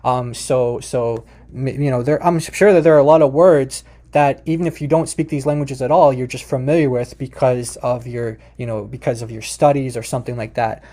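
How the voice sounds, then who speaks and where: This presenter teaching Aramaic has a dark, mid-range voice and keeps his intonation fairly even. His explanation is casual and aimed directly at viewers, whom he addresses as "you guys," with frequent fillers and restarts. When a word matters, he says it again slowly for the listener.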